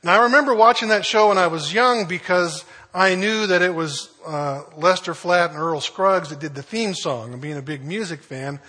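A man's voice: sits high, moderate pace, hardly any pauses, bright, forceful tone. A man preaching a conversational sermon in a folksy storytelling manner, chuckling now and then. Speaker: pastor.

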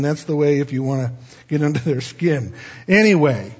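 Husky-voiced man preaching folksy sermon. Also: on the high side, animated, normal speed. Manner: chatty, digressive, joking asides. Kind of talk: folksy Bible-teaching sermon. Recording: dull lo-fi recording.

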